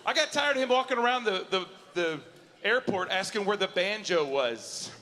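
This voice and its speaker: Stand-up comic, man, bright, slightly high voice, live in a reverberant hall. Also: normal speed. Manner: animated storytelling, acting out both sides of conversations. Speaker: stand-up comedian. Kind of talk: stand-up comedy set. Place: university auditorium before a live audience.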